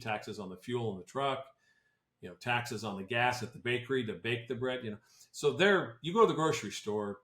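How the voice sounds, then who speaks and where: A man's voice: lowish voice, fairly bright tone. A man who advises on tax planning talks on a podcast in a casual, blunt and opinionated way, often restarting his sentences. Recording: roomy echo.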